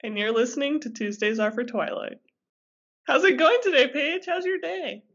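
Bubbly young woman cohost, highish voice, laughs a lot, dull lo-fi recording. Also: normal speed. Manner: bubbly, giggly. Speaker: podcast co-host. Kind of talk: casual chat. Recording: dull lo-fi podcast mic.

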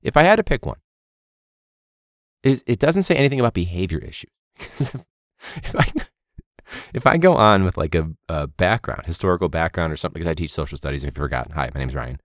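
A young man who is a teacher, hosting a podcast in a casual, animated monologue with quick impressions of students. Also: no room sound, clean studio sound. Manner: animated, mimics students in high voices.

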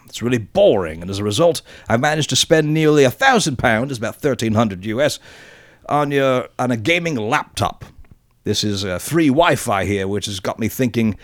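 A podcast co-host reading a listener's letter aloud, doing a deliberately bad British accent for the male writer. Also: mid-range voice, a bit bright, no room sound, clean studio sound, lightly acted. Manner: comic exaggerated reading voice.

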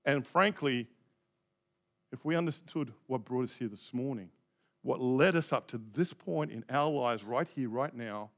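A man's voice: mid-range voice, measured pace. A middle-aged male pastor preaching a reflective, conversational sermon, asking his congregation direct questions.

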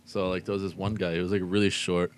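A man's voice: low voice, flat delivery, quick pace. A young man in casual chat, telling an anecdote with dry jokes. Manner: dry joking, storytelling.

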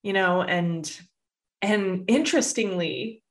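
A woman's voice: mid-range voice, slow. A middle-aged woman talking candidly and from the heart in a personal monologue, her voice thick as she holds back tears, with many "like"s and "right?"s. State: fighting back tears, emotional voice.

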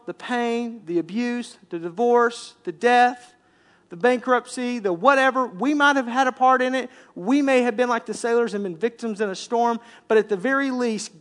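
Male pastor, high-pitched voice, delivering an animated sermon with hushed emphasis. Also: normal speed. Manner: animated preaching, dropping to a hush for emphasis; acts out complaining voices.

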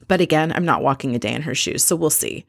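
A woman's voice: low voice, fast, creaky, no echo, clean studio sound. A woman casually recapping a reality TV episode in a chatty, gossipy manner. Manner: chatty, gossipy, acts out quotes.

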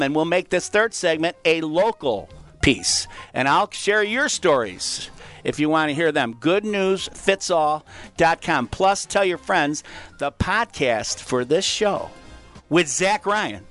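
A man's voice: on the high side, fairly bright tone. A man hosting a radio segment, telling a story in a folksy way and talking to listeners as folks. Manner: folksy, addresses listeners as folks, acts out voices in stories. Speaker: radio show segment host, teacher. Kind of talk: storytelling on a talk show.

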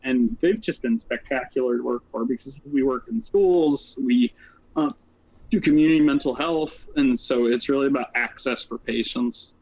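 In dull-sounding audio, a man with a mid-range, darkish voice is interviewed as a social worker. He tells his story casually and rambles, tossing in quick asides and lots of "like" and "um."

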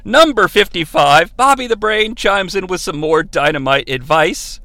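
A man hosting a podcast, giving a sarcastic, profane comedy recap with lots of excitement. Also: sits high, moderate pace, few pauses, dry recording. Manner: excitable, sarcastic, swears freely. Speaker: podcast host. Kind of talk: profane comedic recap of an old wrestling event.

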